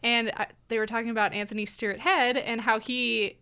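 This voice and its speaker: Young woman, radio co-host, bright voice, slightly high, chatty, thoughtful. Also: steady tone, a little fast, clear, resonant tone. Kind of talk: casual radio chat.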